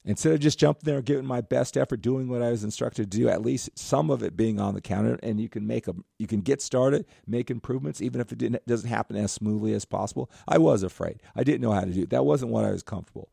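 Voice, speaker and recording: A man's voice: mid-range voice, quick pace, vocal fry, few pauses, mellow, husky, dry recording, studio quality. A man in his fifties, a podcast host and coach, telling a story in a rambling, self-correcting way and often asking "right?". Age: 50s. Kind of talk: casual storytelling monologue.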